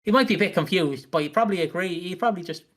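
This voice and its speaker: A man's voice: sits high, rapid-fire, fairly bright tone. A man co-hosting a podcast, chatting casually, laughing often and swearing freely. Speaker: podcast co-host.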